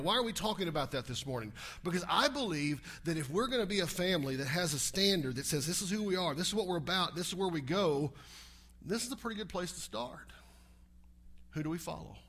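A male pastor delivers a sermon in a voice pitched a little above most men's. He rises into loud, emphatic declarations, then drops to quiet, conversational asides. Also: slightly rough. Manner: leads the congregation in reciting scripture. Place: church service.

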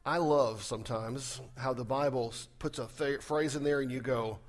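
A man preaching a conversational sermon, with sarcastic asides and swings between loud and soft passages. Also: mid-range voice, steady tone, moderate pace. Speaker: pastor.

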